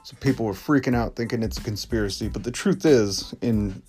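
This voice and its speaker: A man's voice: fairly low pitch, brisk, a little mellow, soft background music. A man hosting his own podcast, talking casually in a rambling, jokey way with lots of asides. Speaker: podcast host. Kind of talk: casual solo podcast monologue.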